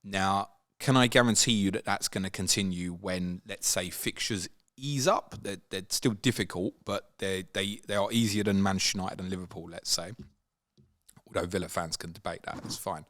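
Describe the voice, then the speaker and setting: A man hosting a casual football chat, animated and swinging up high when he mimics players. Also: moderate pace. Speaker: football podcast host.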